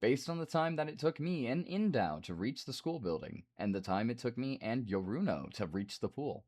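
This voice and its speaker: A man streaming a game, reading the dialogue aloud and breaking off for quick asides. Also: medium pitch, animated, a little mellow. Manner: reads the game's lines aloud with asides.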